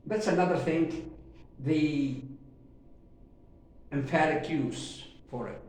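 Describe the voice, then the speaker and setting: A man teaching a grammar lesson who talks haltingly with many fillers and repeats himself, drawing out his example sentences slowly. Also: fairly high pitch, darkish tone. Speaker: English teacher. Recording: very echoey room.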